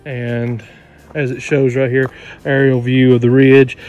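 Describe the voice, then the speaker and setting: Excited man filming outdoors. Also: mid-range voice, unhurried, highs cut off, faint music behind. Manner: excited, points things out to viewers. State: out of breath. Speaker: vlogger. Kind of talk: casual hiking vlog narration. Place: outdoors at rocky overlooks. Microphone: handheld camera.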